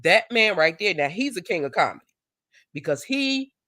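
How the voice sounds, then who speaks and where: A woman hosting a casual live stream, chatting and telling stories, acting out what people said in a higher voice. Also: normal speed, no echo, studio quality. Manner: animated storyteller who acts out quotes in a higher voice.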